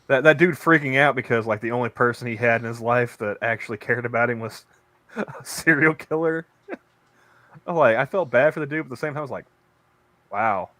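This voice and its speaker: A man's voice: medium pitch, fairly quick, sharp tone, no echo. A man co-hosting a casual podcast chat, rambling through stories with many restarts. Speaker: podcast co-host; convenience store worker.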